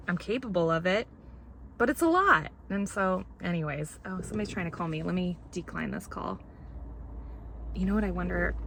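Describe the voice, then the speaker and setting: A woman's voice: mid-range voice, creaky, noisy background. A woman vlogger in casual chat, rambling and candid while fighting back tears.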